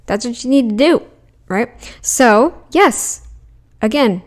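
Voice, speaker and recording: Woman, reaction commentary, argumentative, sarcastic, higher-pitched voice. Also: animated, slow, slight background noise. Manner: blunt, argumentative, mocking; puts on mocking voices when quoting others. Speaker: commentary channel host.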